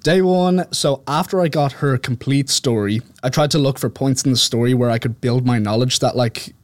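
A man's voice: medium pitch, normal speed, dry recording. A man, an author guest on a podcast, telling his story in loose casual chat, filling his sentences with "like". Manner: rambling, heavy use of "like", laughs easily.

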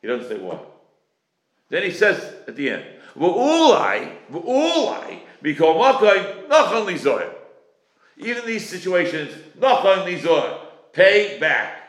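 Animated man teaching a Talmud class. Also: on the high side, measured pace. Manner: animated, acts out creditor and debtor exchanges. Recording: echoey room.

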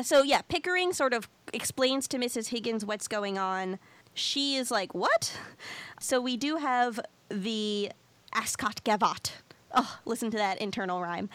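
A woman chatting casually with a co-host, recapping a musical and acting out lines in an animated way. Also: fairly high pitch, no echo. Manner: animated, acts out quotes. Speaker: podcast co-host.

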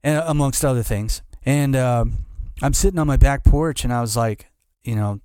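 A man's voice: mid-range voice, warm tone, clear, resonant tone, dry recording, studio quality. A middle-aged man telling a hard personal story as an interview guest, candid and emotional, stumbling and repeating his words. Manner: halting, restarts, repeats words; candid and emotional, says dude. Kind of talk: casual conversation, personal story.

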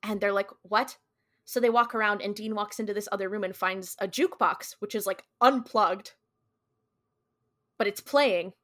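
A woman's voice: medium pitch, moderate pace, fairly bright tone. A young woman recapping a TV episode in a chatty way, quoting characters and using lots of likes and ums. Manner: chatty retelling with quoted dialogue, many likes and ums. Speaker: podcast co-host.

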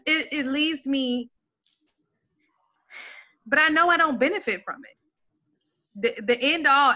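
A high, bright woman talking in a loose, animated way, often laughing and cursing. She acts out her own reactions in little quoted asides, with a sharp, forceful tone throughout. She sounds like a mother chatting openly with a friend. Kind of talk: casual chat.

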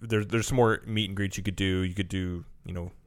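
Man, very low voice, dry close sound, relaxed rambling park-tips chat. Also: brisk, dry recording. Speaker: co-host.

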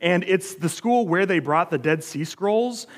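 American man, pastor, casual sermon, storytelling, fillers, fairly high voice. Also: expressive, unhurried. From United States. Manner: chatty, self-deprecating storyteller with frequent fillers.

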